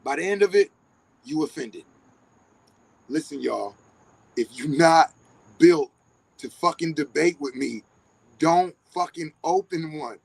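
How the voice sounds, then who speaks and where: Gravelly, high-energy man ranting. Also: lively intonation, unhurried, pauses often, no echo, low-quality recording. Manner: high-energy, passionate, profane; confrontational, emphatic. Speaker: live-stream host. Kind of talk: heated casual monologue.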